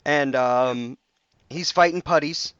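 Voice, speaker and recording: A man's voice: on the high side, slow, fairly bright tone, clear, resonant tone, dry recording, highs cut off. A young man co-hosting a podcast, casually recapping comic book plots in a rambling, storytelling way. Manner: rambling storyteller, loose quoted voices. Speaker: podcast co-host.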